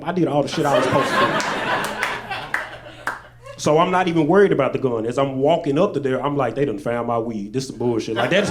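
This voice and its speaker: A male stand-up comic from Arkansas spins rambling stories into a handheld mic onstage, alternating loud outbursts with low asides, against a noisy background.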